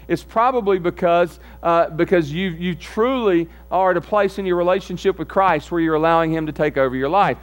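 A man as pastor giving a conversational sermon, often asking the congregation questions. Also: fairly high pitch. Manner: conversational, asks the audience questions.

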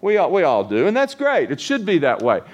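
A man's voice: a little high, huge pitch swings, fairly quick. A middle-aged man preaching a sermon as pastor, talking in a loose conversational way with restarts and frequent tag questions.

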